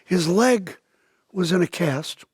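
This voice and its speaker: In a clean studio recording with no room sound, a pastor in his seventies speaks slowly in a high-pitched, slightly rough voice. He's interviewed and tells a dramatic story, vividly acting out the quoted dialogue in a raised voice.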